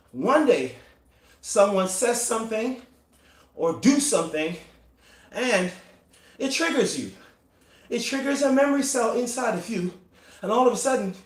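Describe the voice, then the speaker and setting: A man coaching in a live-streamed motivational talk, emphatic and repetitive, with dramatic pauses, riding an exercise bike. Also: sits high. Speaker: performance coach. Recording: roomy echo.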